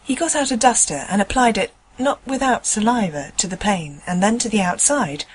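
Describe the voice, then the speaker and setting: A woman narrating a classic ghost story aloud in a steady storytelling manner. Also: mid-range voice, moderate pace, breathy edge, rough recording.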